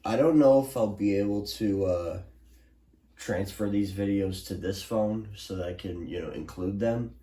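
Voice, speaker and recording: A young man talks casually to his viewers, rambling, restarting sentences and filling gaps with ums. His voice sits low. The room around him is echoey. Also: unhurried, mellow. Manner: rambling, many restarts and fillers. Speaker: weather alert vlogger. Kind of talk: casual recap to camera. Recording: roomy echo.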